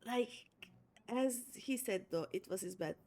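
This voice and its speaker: A woman's voice: mid-range voice, a little slow, dark tone. A young woman streaming a game, chatting casually to her viewers in a rambling way with many fillers and restarts. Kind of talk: casual chat while playing a game.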